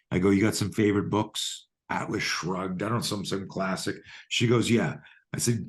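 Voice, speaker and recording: A man being interviewed, telling a vivid story with coarse language and acting out both sides of a conversation. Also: low voice. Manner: profane, animated storyteller acting out dialogue. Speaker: guest, fear coach.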